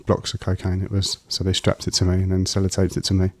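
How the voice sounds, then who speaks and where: A man telling a long personal story as an interview guest, halting with fillers and restarts. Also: low voice, monotone, dry recording.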